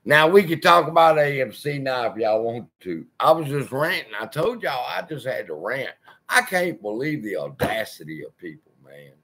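A man's voice: medium pitch, very animated, moderate pace, a bit bright. A man hosting his own channel, delivering a heated personal rant full of swearing. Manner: profane, heated ranting. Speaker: channel host.

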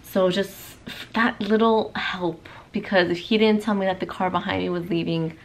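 A woman's voice: medium pitch, steady tone, normal speed, slight background noise. A woman talks straight to a handheld camera from inside her car, her voice sitting right in the middle of the usual range. She rambles emotionally as a worn-out mom. Now and then she slips into Spanish words. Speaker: mom vlogger. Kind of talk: emotional personal vlog. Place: in a parked car.

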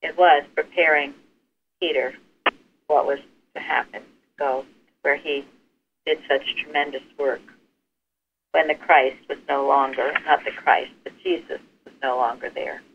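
Guy leading bible study on a conference call, kinda high voice, earnest, tinny phone line w faint hiss. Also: fairly even intonation, a little slow, gravelly, long pauses. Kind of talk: informal group Bible study discussion.

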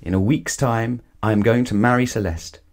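A man's voice: medium pitch, moderate pace, a little mellow, lightly acted. A man voicing a polite young male elephant who becomes king in a read-aloud storybook.

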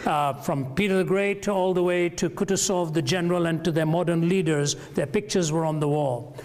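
A man giving a public lecture at a university, measured and reflective as he tells stories. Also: on the high side, darkish tone. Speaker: speaker. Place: large university lecture hall. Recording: long reverb of a large hall.

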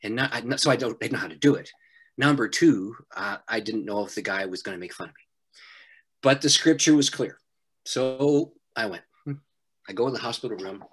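A middle-aged man, a pastor, telling a personal story in an interview, animated and often laughing. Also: medium pitch, a little fast, breathy edge. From Canada.

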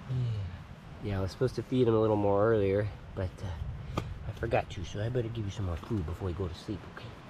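A man's voice: lowish voice, fast, noisy background. A man hosting a camping vlog, talking casually and playfully, cooing at a baby goat in a tent at an island campsite. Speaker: vlog host.

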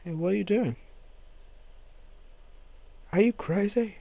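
A man voicing a frightened male captive who begs loudly in a high, panicky voice. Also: slow pace, gravelly, exaggerated voice. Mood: panicked. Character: frightened male captive begging for his life.

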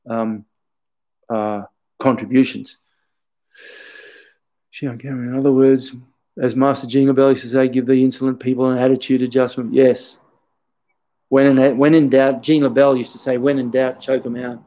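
A man's voice: medium pitch, mellow, low-quality recording. A man, a karate instructor talking casually in an interview, telling stories in an earnest, reflective way.

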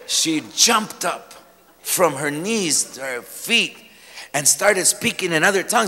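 A male pastor preaching a sermon, telling stories with lively humor. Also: fairly high pitch, normal speed. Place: church sanctuary. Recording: long church hall reverb.

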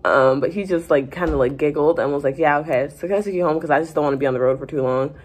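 A young woman vlogger chatting through a funny dating story, animated and full of fillers. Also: low voice, fast talker, slightly rough. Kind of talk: casual storytime chat.

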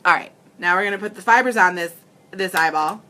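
Speaking a little fast in a lowish voice with a sharp tone, a makeup demonstrator hosts a livestream tutorial. She laughs often, giggles easily, and chats casually and directly with her viewers.

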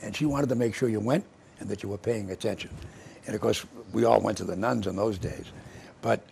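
A man's voice: lowish voice, a little fast, vocal fry, a little mellow, a little hiss or hum. An older man hosting a local TV interview, telling rambling stories with many restarts. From Massachusetts, US. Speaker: TV show host. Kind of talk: casual interview chat. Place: local cable TV studio.

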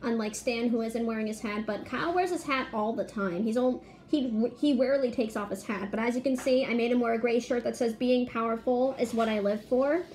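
A woman's voice: a little high, a little fast, few pauses, a little hiss or hum. Chatty woman showing off her drawings. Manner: chatty and excited, listing details. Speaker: fan artist presenting her drawings. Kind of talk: casual video narration.

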